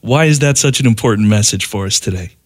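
A man hosting a radio interview, warmly enthusiastic and full of praise for his guest. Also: lowish voice, quick pace, breathy edge. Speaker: radio host.

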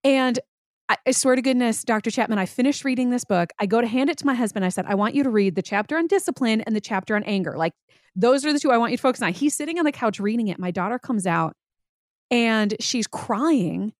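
A woman's voice: on the high side, expressive, fast talker, dry recording, studio quality. A woman in her thirties hosting an interview, telling a family story in an eager, chatty way. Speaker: podcast host. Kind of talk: interview, casual chat.

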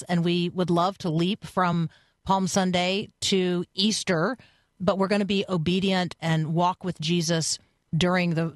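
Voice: medium pitch, dry recording. Dry, close-miked show host. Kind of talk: interview question.

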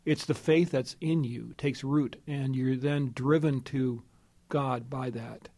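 A man's voice: medium pitch, steady tone, darkish tone. Reflective man hosting a faith talk. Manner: measured, reflective, pastoral comments. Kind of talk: conversational interview.

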